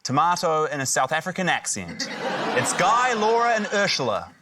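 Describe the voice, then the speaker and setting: A man's voice: a little high, wildly swooping pitch, moderate pace, background noise. A man with a New Zealand accent, co-hosting a TV game show and introducing segments with playful puns. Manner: playful, punning announcer. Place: TV studio.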